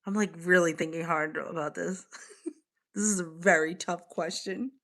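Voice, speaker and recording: Bright, chatty young woman streamer. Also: fairly low pitch, moderate pace. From United States. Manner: chatty and animated, full of "like" fillers. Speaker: livestream host. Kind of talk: casual livestream chat, reacting to viewer comments.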